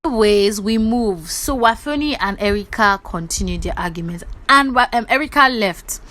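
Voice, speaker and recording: A young Nigerian woman with a Nigerian English accent, recapping reality-show gossip for her vlog in a lively, chatty way. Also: mid-range voice, normal speed. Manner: lively, acts out the quotes, chatty asides. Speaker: gossip vlogger.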